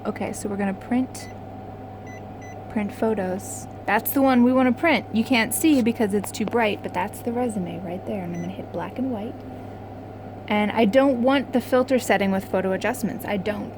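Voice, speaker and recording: A woman's voice: fairly high pitch, noisy background. A young woman vlogging casually to camera, frustrated and swearing at her printer. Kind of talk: casual vlog talking to camera.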